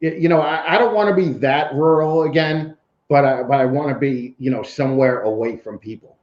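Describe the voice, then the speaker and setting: A man's voice: medium pitch, a little fast, echoey room, lo-fi sound. A man with a New York accent, a podcast guest telling rambling, profane stories in casual chat.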